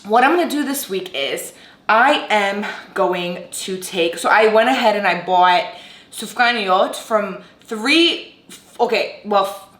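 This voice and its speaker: A woman's voice: mid-range voice, fairly bright tone, reverberant. A young woman from Brooklyn, New York, reviewing coffee in a casual, rambling vlog and teasing herself now and then. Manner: rambling and self-teasing, with sing-song greetings. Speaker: vlogger reviewing food and coffee.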